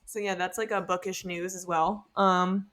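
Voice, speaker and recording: A woman's voice: lowish voice, level tone, moderate pace, a bit bright. A young woman co-hosting a podcast, chatting casually and gossiping with frequent laughs. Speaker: podcast co-host. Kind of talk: casual chat.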